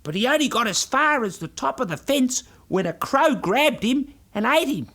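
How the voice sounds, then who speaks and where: A man's voice: very high voice, big pitch swings, moderate pace, pushed and bright, voice pushed up, heavily acted. A man voicing a gloomy male snail in a children's storybook, speaking in a doleful, matter-of-fact way.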